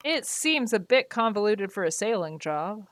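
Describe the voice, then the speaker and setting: A stern sea captain sizes up a new recruit with clipped, probing questions, as a woman puts him on. The voice stays low and dark, and the mock accent wobbles. It is dry and close, with no room sound. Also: lively intonation, moderate pace, no room sound. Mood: gruff. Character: stern male ship captain interviewing recruits.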